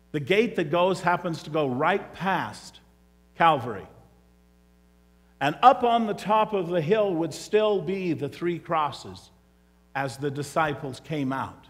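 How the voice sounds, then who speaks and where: A man's voice: sits high, fairly bright tone. A man giving a homily as a priest, telling the story vividly and voicing the characters along the way. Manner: storytelling, acting out the characters' lines. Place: church. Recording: long church reverb.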